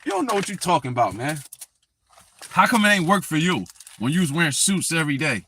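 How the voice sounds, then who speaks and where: A man's voice: a little high, very animated, brisk, pushed and bright, slight background noise. A man hosting a live stream, ranting angrily and speaking straight at the person he criticizes. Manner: angry ranting, addresses his target directly. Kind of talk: heated live stream commentary.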